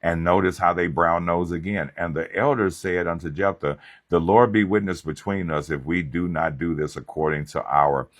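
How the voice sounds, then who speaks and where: A male pastor preaching a sermon. He tells stories in a lively, conversational way, with humour. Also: rumbling low. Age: young adult. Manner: animated, conversational, humorous preaching. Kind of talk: sermon with storytelling.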